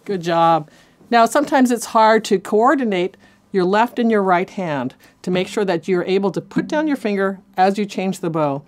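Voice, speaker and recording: A woman's voice: medium pitch, lively intonation, normal speed. A woman teaching a cello lesson, counting beats aloud and encouraging her students. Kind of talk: instructional lesson. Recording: cello playing behind. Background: faint cello music.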